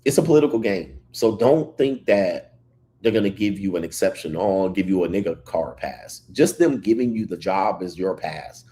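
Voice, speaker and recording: A man hosting a casual livestream, reading chat comments and telling stories in an animated way. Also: low-pitched, normal speed. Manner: animated storytelling, reads chat comments aloud. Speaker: livestream host.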